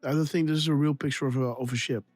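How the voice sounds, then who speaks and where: A man's voice: a little high, steady tone, racing, a little mellow, no echo, soft background music. Laughing man hosting a casual livestream. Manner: laughing, repeats himself, imitates sound effects. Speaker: livestream host.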